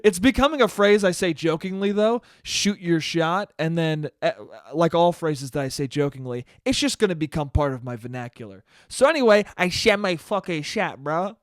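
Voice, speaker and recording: A young man rambling through a story on his own podcast, swearing freely and getting worked up as he goes. His voice sits a little higher than most men's, and the sound is close and dry with no room around it. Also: normal speed, hardly any pauses, no room sound. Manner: profane, animated storytelling with bursts of laughter. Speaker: podcast host. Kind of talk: casual solo podcast monologue.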